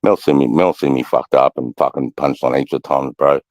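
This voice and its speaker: An Australian man in his thirties telling rough army stories in casual chat, swearing constantly and loudly mimicking people. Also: very deep voice, level tone, a little fast, dry recording. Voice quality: coarse, swears constantly, loud impersonations. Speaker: podcast co-host, ex-army instructor.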